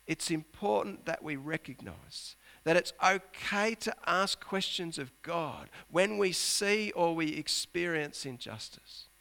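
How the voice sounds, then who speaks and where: A man's voice: fairly high pitch, gravelly, sharp tone. A man preaching a sermon as pastor, earnest, climbing to emphatic peaks and sinking to near-whispers.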